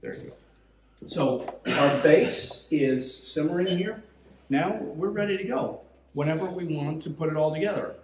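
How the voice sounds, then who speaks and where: A man's voice: fairly high pitch, a little slow. A man from Switzerland cooking at home, casually explaining each step with dry teasing. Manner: easygoing, instructive, dry teasing. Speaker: home cook. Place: home kitchen. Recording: echoey kitchen with loud noise.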